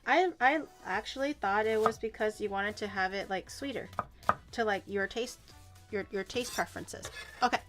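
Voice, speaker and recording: A woman VTuber chatting casually while cooking on a livestream, animated and quick to laugh, swearing casually and poking fun at herself. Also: mid-range voice, over music. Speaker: VTuber streamer.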